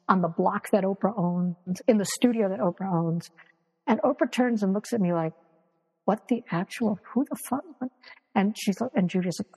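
A woman's voice: medium pitch, breathy edge, in a large hall, low-quality recording. A woman guest on a video call, telling stories animatedly, acting out what people said, and swearing freely. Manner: animated, acts out quoted voices, swears freely. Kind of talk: casual interview storytelling.

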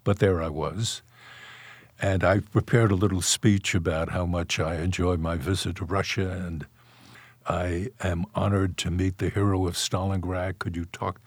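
A man's voice: low voice, level tone, moderate pace, husky, no echo. An older man, a guest author in a podcast interview, telling wry stories from his past and chuckling now and then. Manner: anecdotal, wry, chuckles while recalling.

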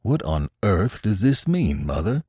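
A man's voice: on the low side, sing-song, a little slow, a little mellow, husky, dry recording, studio quality, exaggerated voice. A man voicing a bewildered old farmer who gasps out short, stunned questions in rural speech.

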